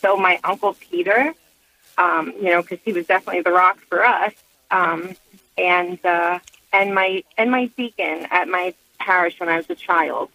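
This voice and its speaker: Female caller in a car, hesitant, bright sharp voice, dry phone line. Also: on the low side, moderate pace, creaky, no echo. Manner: hesitant, with many fillers. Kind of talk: phone-in call.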